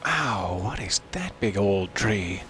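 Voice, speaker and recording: A man's voice: on the low side, lively intonation, takes it slowly, a bit bright, soft background music. A man giving casual let's-play commentary, making wry joking asides to his viewers and sometimes dropping into a mutter. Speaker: streamer playing a video game.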